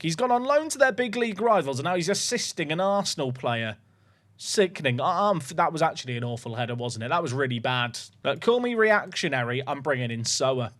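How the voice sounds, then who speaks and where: A man commentating his own game, excitable, swinging between calm talk and sudden shouts. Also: fairly high pitch. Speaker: gaming YouTuber.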